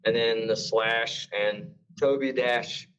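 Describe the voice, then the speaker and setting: Halting male author from Mississippi. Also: medium pitch, steady tone, fairly bright tone, clean tone. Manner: halting, searches for words. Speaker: guest author. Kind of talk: casual podcast interview. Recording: dull, muffled audio.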